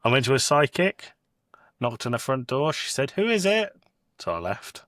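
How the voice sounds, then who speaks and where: A British man co-hosting a podcast, telling jokes in a casual, deadpan way and doing quick voices for the punchlines. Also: medium pitch, no echo, clean studio sound. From Britain. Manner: deadpan joke delivery with acted punchline voices. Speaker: podcast co-host. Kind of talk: casual comedic chat.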